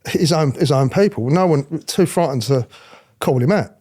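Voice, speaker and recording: A man's voice: fairly high pitch, normal speed, breathy edge. A middle-aged man, a former royal protection officer, telling blunt stories in an interview, swearing and mimicking the people he talks about. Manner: blunt, animated, swears freely, mimics others. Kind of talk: candid storytelling interview.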